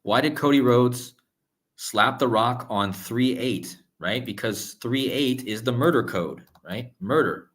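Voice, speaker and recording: A man's voice: medium pitch, a bit bright. A man hosting a live stream, talking insistently to his viewers, repeating himself often and stopping to restart his sentences. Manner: insistent, repeats "okay?" and "guys", halting restarts. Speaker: numerology video host. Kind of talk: live-stream screen-share monologue.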